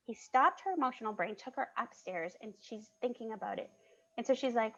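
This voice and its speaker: A woman who works as a children's museum consultant, explaining her work on a panel in an animated way and laughing as she talks, over a video call. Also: on the high side, fairly quick, gravelly. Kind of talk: presenting on a panel. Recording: muffled video call audio.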